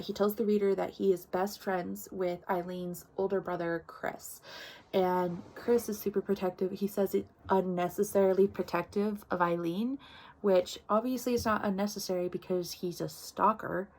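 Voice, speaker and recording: A woman's voice: mid-range voice, steady tone, moderate pace, darkish tone. A woman giving a casual book recap, chatty and full of asides, acting out the characters as she goes. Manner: chatty, many likes and quoted asides, acts out characters. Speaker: book reviewer.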